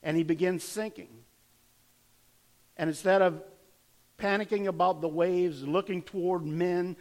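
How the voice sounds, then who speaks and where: Male pastor, high voice, dramatic preaching that swings from loud to hushed. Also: fairly even intonation, measured pace, pauses often. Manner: dramatic retelling with rising and falling intensity. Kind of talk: sermon.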